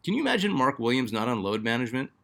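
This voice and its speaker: A man's voice: mid-range voice, very animated, very fast, vocal fry, fairly bright tone. A man hosting a basketball fan channel, chatting casually and reading out viewer comments, with lots of fillers and restarts. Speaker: sports channel host.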